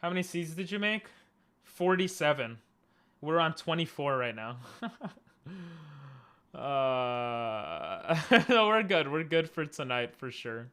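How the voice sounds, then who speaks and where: Higher-pitched male streamer talking to himself. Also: lively intonation, pushed and bright, clear, resonant tone. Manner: frustrated, halting self-talk with frequent restarts and laughs. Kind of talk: live gameplay commentary. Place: his room at home.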